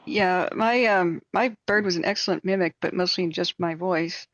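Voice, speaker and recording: A woman's voice: fairly low pitch, moderate pace, fairly bright tone, lo-fi sound. A woman hosting a live stream, chatting casually and telling rambling anecdotes with plenty of fillers. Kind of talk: casual chat and storytelling.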